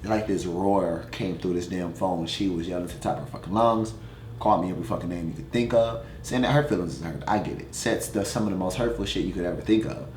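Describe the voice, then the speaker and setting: Young man, very deep voice, candid and profane storytelling, casual vlog, echoey room, faint background noise. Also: quick pace, darkish tone. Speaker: musician answering fan questions.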